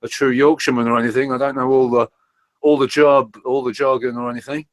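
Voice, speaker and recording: A man's voice: mid-range voice, level tone, quick pace, no echo. Rambling, hesitant man on a video call. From England. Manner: rambling, hesitant, many fillers and restarts. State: slightly asthmatic. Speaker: viewer on a live call. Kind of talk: casual chat.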